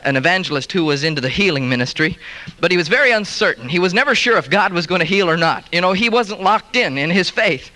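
A male preacher tells stories and builds to emphatic points in a sermon. His voice sits high and rings bright and forceful.

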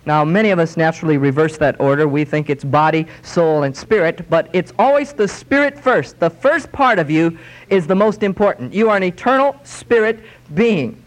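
A man preaching a sermon in a fairly high voice. He drives scripture home with emphatic, drawn-out phrases that climb in pitch, then drops back into plain storytelling. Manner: emphatic, slowing and rising on scripture quotes.

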